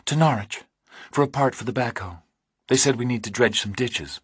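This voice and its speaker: A woman's voice: very deep voice, moderate pace, slightly rough, no room sound, studio quality, pitched above the performer's own voice, exaggerated voice. A man voicing a tense, frightened young mother who gives short, guarded replies in an audiobook thriller. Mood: anxious.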